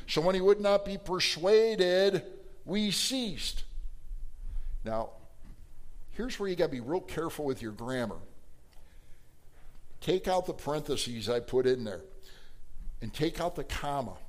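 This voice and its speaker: A man's voice: measured pace, long pauses. A man teaching a Bible class verse by verse, quizzing his listeners and acting out the quoted lines. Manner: asks the class questions and acts out the quoted lines; animated, with sudden jumps in pitch and loudness.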